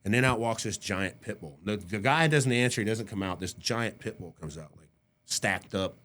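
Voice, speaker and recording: Low-voiced middle-aged man telling a story. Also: expressive, normal speed, a bit bright. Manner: vivid storyteller who acts out the people he quotes; casual and profane. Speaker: podcast guest. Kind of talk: casual storytelling in an interview.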